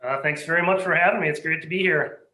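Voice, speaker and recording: A man from the Midwestern US, a guest on a video call interview, answering in a relaxed way. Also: fairly high pitch, quick pace, echoey room, poor audio.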